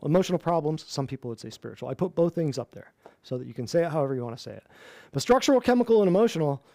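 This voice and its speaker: A man's voice: high voice, gravelly, warm tone, no echo, studio quality. A man teaching a natural health class in an emphatic, repetitive lecture style, often asking the room questions.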